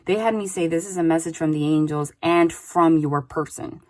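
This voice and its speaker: Speaking with a deep, slightly mellow voice at a moderate pace, this woman does a casual tarot reading out loud. Her delivery is loose and chatty, sprinkled with "like" and "okay?".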